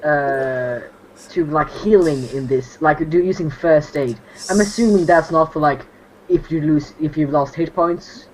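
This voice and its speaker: Hesitant woman player, lowish voice. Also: darkish tone, low-quality recording. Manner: hesitant, halting questions with fillers. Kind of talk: tabletop game play.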